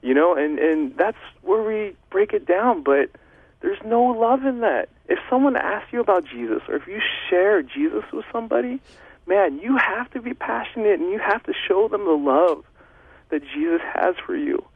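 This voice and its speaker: A man's voice: high voice, big pitch swings, normal speed, breathy edge. A young man speaking as a guest, sharing an earnest, emotional faith testimony with plenty of fillers. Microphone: phone. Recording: tinny phone line.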